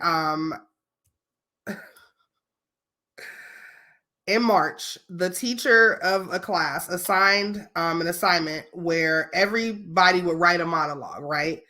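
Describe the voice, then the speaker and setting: Cursing, chatty woman podcast host. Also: lowish voice. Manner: animated, swears freely, checks in with listeners. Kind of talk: casual comedic storytelling.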